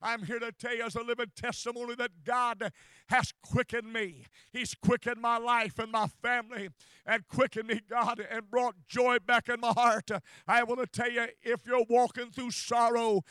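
Fervent high-voiced older preacher man. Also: a bit bright, clear, resonant tone, dry recording. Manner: fervent, repetitive exclamations. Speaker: pastor. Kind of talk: sermon.

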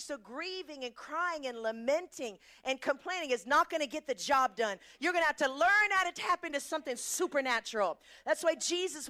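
A woman's voice: high voice, a bit bright. A middle-aged woman preaching a sermon, emphatic, asking the congregation questions and answering them herself.

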